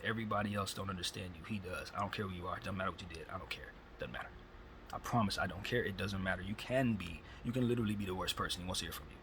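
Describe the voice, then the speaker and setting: A man's voice: sits low, racing, background noise. A man giving a rambling, preachy spiritual monologue full of slang, recorded on a phone. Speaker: host.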